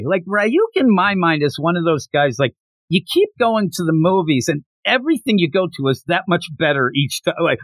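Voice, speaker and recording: A man co-hosting a podcast in casual discussion, slipping into quick put-on voices for the characters. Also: fairly high pitch, very animated, dry recording. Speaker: podcast co-host.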